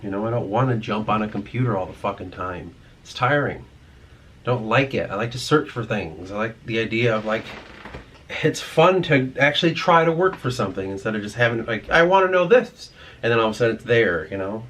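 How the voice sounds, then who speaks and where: A man's voice: fairly low pitch, expressive, fairly quick, a bit bright, a little hiss or hum. A man vlogging in a rambling, profane, ranting monologue.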